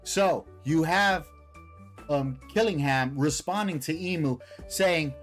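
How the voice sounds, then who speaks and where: A man's voice: fairly high pitch, slow pace, fairly bright tone, faint music behind. A man hosting a casual live stream, reading a comic aloud and commenting in a slangy, hyped, rambling way. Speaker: streamer, host.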